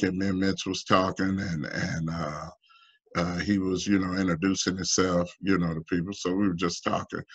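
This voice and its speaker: A low-pitched man talks slowly and haltingly, restarting phrases as he gives heartfelt testimony. His voice climbs in pitch when he pleads. The sound is muffled, lo-fi video call audio. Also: a bit bright. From United States. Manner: halting, full of restarts and fillers. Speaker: union member asking a guest. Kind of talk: emotional personal testimony in an online town hall.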